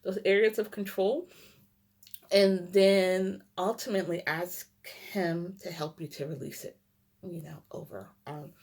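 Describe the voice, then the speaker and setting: A middle-aged woman giving a heartfelt devotional talk, in short halting phrases full of "like" and "um". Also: lowish voice, fairly even intonation, a little mellow. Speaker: Christian vlogger. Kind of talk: casual devotional talk to camera.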